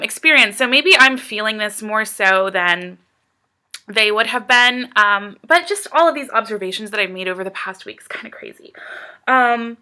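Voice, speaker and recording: A woman's voice: mid-range voice, pushed and bright. An American woman talking casually to her camera as a vlogger, rambling and earnest with lots of fillers. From United States.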